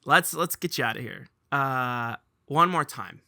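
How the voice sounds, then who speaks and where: A young man hosting a casual podcast chat, telling stories with lively, laughing energy. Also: mid-range voice, measured pace, creaky, no room sound, clean studio sound. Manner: animated storyteller, laughs while telling. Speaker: podcast host.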